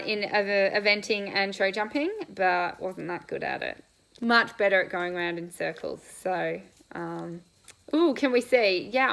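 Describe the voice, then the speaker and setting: In a low-quality recording, a woman's medium-pitched voice comes across gravelly, pushed, and bright. She's riding coach and hosting a casual live Q&A, chatting with viewers over breakfast in a bubbly way, with quick laughs and answers that wander loosely.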